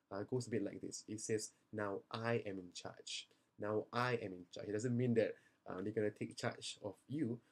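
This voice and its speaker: Earnest, low-voiced male seminar trainer. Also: a little mellow, breathy edge. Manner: earnest, reassuring, with many fillers and restarts. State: tired after the seminar. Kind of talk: video message to parents.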